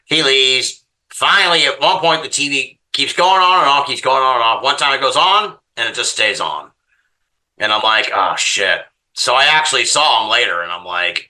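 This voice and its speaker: A man with a medium-pitched voice, speaking at normal speed, tells a story as a guest on a podcast. He swears frequently and sounds exasperated, recounting it in a profane, animated, casual way.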